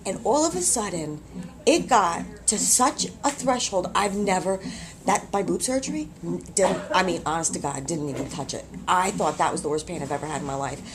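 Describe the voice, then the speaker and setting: A woman in labor in a hospital room tells her story in casual, animated, exclamatory speech with frequent laughs, recorded on a handheld camcorder's built-in mic. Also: on the low side, normal speed, noisy background. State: having contractions.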